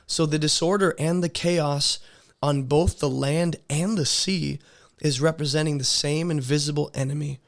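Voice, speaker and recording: A man's voice: on the high side, steady tone, moderate pace. A man teaching through a Bible passage verse by verse, earnest and conversational, with casual asides.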